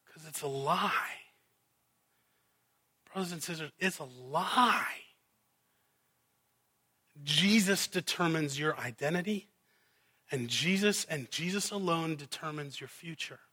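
A man with a high, bright voice preaches a sermon in an unhurried, deliberate way. He climbs to loud, emphatic peaks and then sinks to hushed asides to his congregation. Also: husky. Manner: preaching with swelling emphasis and dropping to quiet asides.

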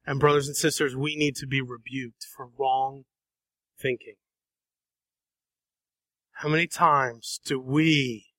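A man preaching a sermon, dramatic, acting out voices and shifting between soft and loud passages. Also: mid-range voice, no echo. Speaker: pastor.

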